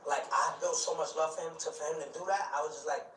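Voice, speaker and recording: A man telling a tense story as an interview guest. He acts out the voices of the people in it and speeds up at the exciting parts. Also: fairly high pitch, quick pace. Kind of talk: animated storytelling. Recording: echoey room, distant mic, faint noise.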